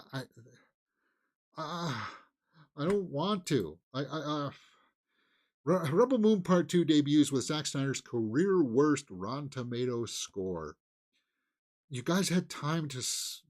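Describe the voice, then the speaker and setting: A man hosts a casual movie news show in a rambling, unscripted way. He stops and starts a lot, filling gaps with "uh" and "um" and the odd sigh or chuckle. His voice sits at an ordinary middle pitch for a man. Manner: rambling, frequent fillers and restarts, sighs and chuckles. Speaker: movie news channel host.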